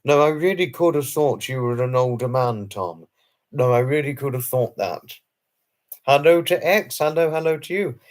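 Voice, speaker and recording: A livestream host with a mid-range voice and moderate pace answers viewers' chat messages during a late-night stream. He is effusive, formal and earnest, frequently repeating himself and apologizing.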